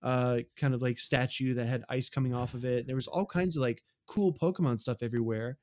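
A man's voice: medium pitch, steady tone, a little fast, darkish tone. A man co-hosting a podcast, talking in earnest casual chat and often checking in with "right?". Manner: earnest, frustrated, keeps asking "right?". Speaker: podcast co-host.

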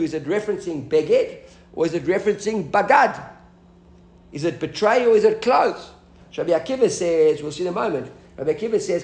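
Male Talmud teacher, high voice, explains the text and quizzes the class, echoey room sound. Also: darkish tone. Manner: explanatory, asks the class questions.

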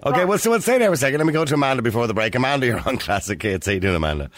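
An Irish man hosting a radio phone-in, brisk and steering the callers. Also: medium pitch, lively intonation, no room sound. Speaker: radio host.

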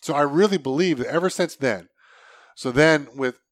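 A man's voice: fairly high pitch, normal speed, dry recording. Blunt, cursing man in dry sound. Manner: blunt, opinionated, swears freely. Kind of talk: casual podcast chat.

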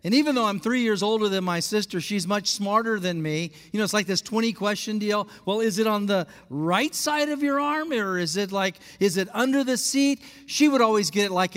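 A male pastor from Alaska telling a story in a sermon. He is animated and asks the congregation questions. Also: sits high. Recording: long hall reverb.

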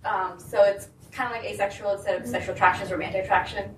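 A woman's voice: mid-range voice, fairly even intonation, quick pace, fairly bright tone, slight background noise. A woman in the audience making a comment at a convention panel, speaking hesitantly and explaining. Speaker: audience member. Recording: echoey room, distant from the mic.

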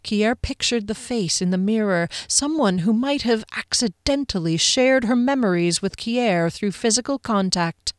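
A woman's voice: medium pitch, normal speed, few pauses, dry recording, studio quality. Woman narrating a fantasy audiobook. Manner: expressive, dramatic reading.

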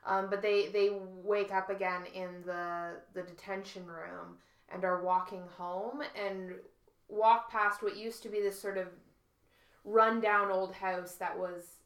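A woman's voice: medium pitch, fairly even intonation, measured pace, echoey room. A woman co-hosting a podcast, rambling casually with many fillers as she retells a film. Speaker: podcast co-host. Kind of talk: casual chat.

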